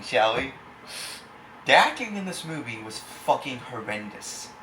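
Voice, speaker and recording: A man's voice: medium pitch, a bit bright. Angry, foul-mouthed male movie reviewer. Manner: angry, profane, insulting. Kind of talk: ranting film review. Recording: echoey room, faint background hiss.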